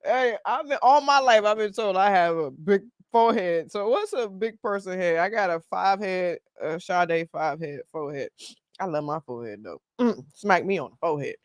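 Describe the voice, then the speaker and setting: A woman hosting a reaction video, teasing and laughing loudly as she comments on a clip. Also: lowish voice, animated, moderate pace, dry recording, studio quality.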